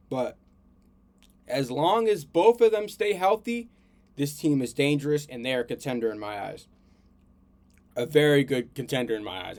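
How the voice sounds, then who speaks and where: A man's voice: mid-range voice, dry recording. A man hosting a podcast, giving casual sports commentary in a slangy, repetitive, heated way. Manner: repeats himself, slangy and animated, heated rants. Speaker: podcast host.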